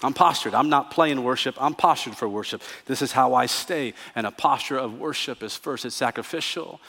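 A man preaching a sermon as pastor, telling stories with humor and moving between hushed reflection and emphatic declarations. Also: medium pitch, normal speed, creaky, some chatter behind. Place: church sanctuary. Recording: church sanctuary with long reverb.

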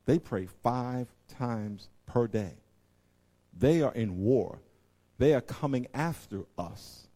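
Emphatic preacher man, loud to hushed. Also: medium pitch, slow. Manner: emphatic, swings between loud exclamations and quiet intensity; repetitive, direct address to the audience. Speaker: pastor. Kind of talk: preaching a sermon to a congregation.

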